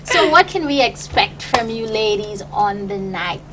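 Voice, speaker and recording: A woman's voice: medium pitch, lively intonation, measured pace, pushed and bright. A woman hosting a morning television show, chatty and teasing, laughing often with her guests. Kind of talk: lively morning TV chat. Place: TV studio. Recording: clear background noise.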